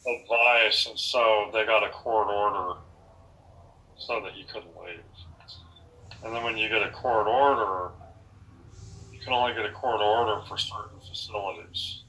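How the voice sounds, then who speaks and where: A man in a casual conversation, calmly explaining step by step how things may have happened. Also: on the low side, unhurried, pauses often, a little hiss or hum, rough recording.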